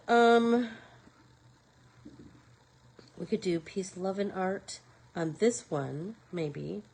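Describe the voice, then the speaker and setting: Slow, low-voiced woman chatting while crafting. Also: a little mellow, slightly rough, poor audio. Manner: talks to herself while working, rambling. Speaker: craft show host. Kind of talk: chatty live painting tutorial.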